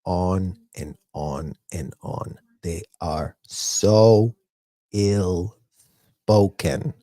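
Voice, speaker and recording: A male commentator talks over clips in a scornful, exasperated tone and keeps slipping into mimicry. His voice is mellow and somewhat dark. The recording is dry and close, with no room sound. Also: deep voice, drawn-out words, no room sound. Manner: mocking and indignant, mimics others. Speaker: commentary vlogger. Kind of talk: critical commentary video.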